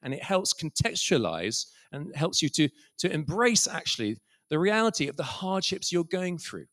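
A middle-aged preacher with a fairly high male voice. He tells stories in a relaxed sermon style, with quiet asides along the way. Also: moderate pace. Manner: storytelling, quiet asides and soft whispered quotes.

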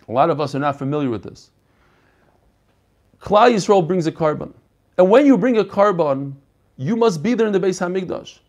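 A man teaching an online Talmud class over a video call, animated and quizzing his students. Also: high voice. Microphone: computer mic on a video call.

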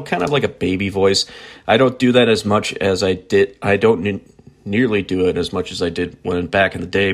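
A man's voice: deep voice, fairly bright tone. A man hosting a podcast in a rambling, chatty style, often correcting himself mid-sentence. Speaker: podcast host. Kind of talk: casual chat.

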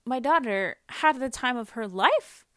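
A woman's voice: a little high, animated, unhurried, dry recording, studio quality. A woman hosting a personal podcast, talking candidly in a rambling way with lots of fillers and casual swearing. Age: adult with a daughter. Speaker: podcast host. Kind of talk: personal reflective podcast monologue.

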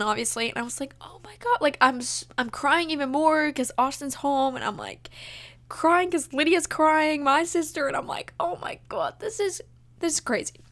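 Young woman, casual storytelling, gushing, tearful, lots of fillers, higher-pitched. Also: fairly bright tone. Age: young adult. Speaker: vlogger.

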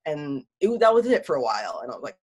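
A woman's voice: low-pitched, very animated. A woman in casual chat telling a spooky childhood story, laughing often and acting out the people she quotes. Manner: fast, laughing, acts out quoted voices.

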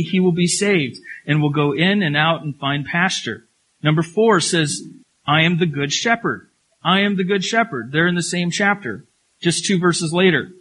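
A man with a slightly higher-than-average voice delivering a sermon as a pastor. He leans on key phrases, repeating them for weight. He poses rhetorical questions to the congregation and eases his pace when reading scripture aloud. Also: fairly bright tone, poor audio.

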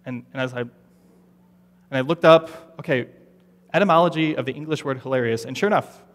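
A man preaching a sermon as pastor, animated and conversational, acting out his listeners' doubts in quoted asides. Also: medium pitch, fairly quick. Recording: long reverb of a large hall.

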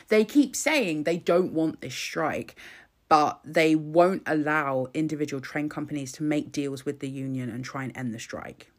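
A young woman rants casually about politics. She sounds sarcastic and exasperated and swears freely. Her tone is blunt and unfiltered. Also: deep voice. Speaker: political commentator. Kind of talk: casual ranting commentary.

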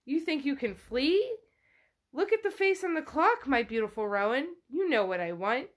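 A woman voicing a menacing, possessive male spirit who craves a body, speaking fast and taunting while she retells a novel. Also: high voice, big pitch swings, voice pushed up.

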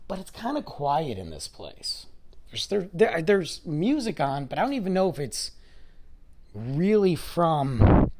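A man's voice: on the high side, sing-song, unhurried, a little mellow. An adult man, a podcast host, telling a story in a rambling, chatty monologue full of asides and fillers. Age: adult with a school-age son.

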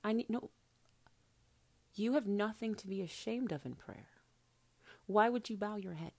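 With a medium-pitched, unhurried voice, a woman who calls herself a prophetess gives a casual spiritual talk to the camera. She is intimate and persuasive, uses honey as an endearment, swears easily and occasionally softens into whispers.

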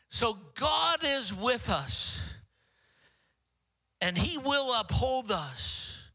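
An older man delivers a sermon as a guest preacher. His voice sits high and sounds bright, and he keeps breaking into jokey, self-deprecating asides. He stumbles through halting restarts before pressing on. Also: very animated.

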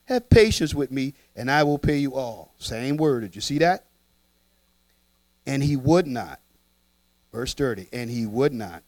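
A man preaches a playful, animated sermon and keeps calling back to his congregation. His voice sits high for a man. The sound is dry and close, with almost no room echo. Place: church.

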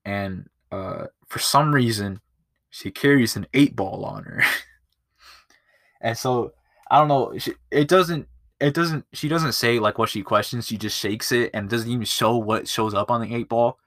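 A man's voice: medium pitch, unhurried, a bit bright, dry recording. A man hosting a casual movie-review podcast, rambling and swearing a lot, with plenty of filler words. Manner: rambling and profane, with lots of filler. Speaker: podcast host.

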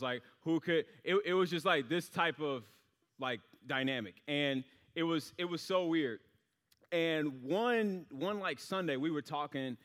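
A man's voice: medium pitch, a bit bright, clean tone, long reverb tail. A young adult man preaching a storytelling sermon in a casual, rambling way, full of fillers.

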